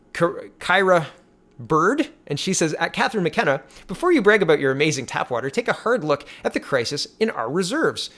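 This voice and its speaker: A man runs his own political commentary show and reads posts and articles aloud. He sounds animated and indignant. His voice sits a little high for a man.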